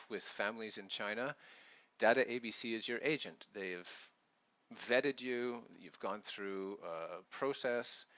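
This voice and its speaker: A man's voice: lowish voice, a bit bright, dull audio. A man with a Canadian accent who teaches English online, giving earnest, reassuring advice to new teachers in a vlog. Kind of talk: advice vlog talking to camera.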